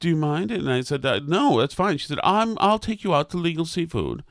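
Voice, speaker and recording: A man's voice: fairly high pitch, big pitch swings, brisk, fairly bright tone, no echo, clean studio sound. A middle-aged man telling a long rambling story in casual chat, restarting sentences and trailing off with self-deprecating asides.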